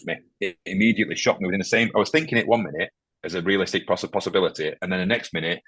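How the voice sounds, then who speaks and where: Male guest, deep husky voice, quick and halting, emotional and candid. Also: steady tone, a bit bright, no room sound. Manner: halting, emotional, many restarts. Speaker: podcast guest, firefighter. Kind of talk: candid interview conversation.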